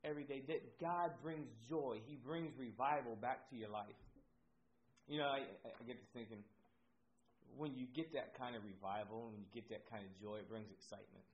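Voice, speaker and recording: A man's voice: medium pitch, steady tone, normal speed. A man from Ohio preaching a sermon with energy, repeating his phrases for emphasis. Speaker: pastor. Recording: dull lo-fi recording with faint noise.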